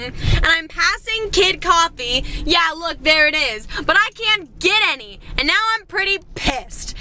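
A woman's voice: very high-pitched, bright, forceful tone, slight background noise. A young woman vlogging to camera from her car, chatty, flustered and in a rush. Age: young adult. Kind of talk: casual vlog to camera.

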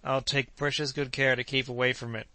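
A man's voice: medium pitch, flat delivery, brisk, bright, forceful tone, no echo, close to an everyday voice. Man playing a stubborn skeptical hunter.

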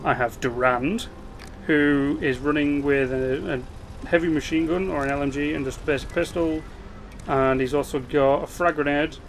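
A man's voice: on the high side, fairly even intonation, moderate pace, a little hiss or hum. Chatty man explaining a strategy game. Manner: chatty, explains game mechanics with restarts and asides. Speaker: gaming video host. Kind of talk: casual gameplay commentary.

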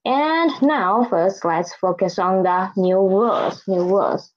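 A woman's voice: medium pitch, slow, highs cut off. A woman teaching an online Chinese lesson, saying new words twice and asking learners to repeat after her.

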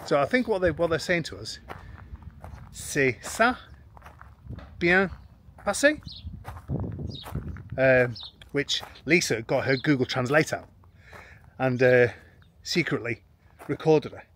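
A man chatting to camera in a relaxed family vlog. His voice sits at a middling pitch, and he rambles and restarts with a self-mocking, chuckling manner. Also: moderate pace, slight background noise. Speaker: expat family vlogger. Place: in and around a home in rural France.

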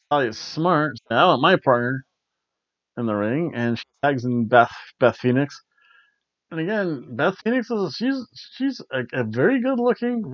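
A man's voice: fairly high pitch, no room sound, muffled recording. A man hosting a casual spoken review. He rambles, corrects himself and chuckles often. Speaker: host of a wrestling review show.

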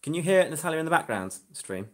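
A man's voice: a little high, big pitch swings, fast. A man hosting a casual live stream from a phone indoors, chatting and joking with viewers. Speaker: hypnotist livestream host. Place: flat indoors. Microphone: phone camera.

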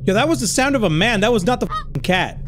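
This man talks through a horror game, swearing freely and tossing in Spanish slang. His pitch jumps around constantly, with lively swings between high and low. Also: quick pace, background noise. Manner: swears a lot, thinks out loud. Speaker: gaming YouTuber. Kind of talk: reacting to a horror game playthrough.

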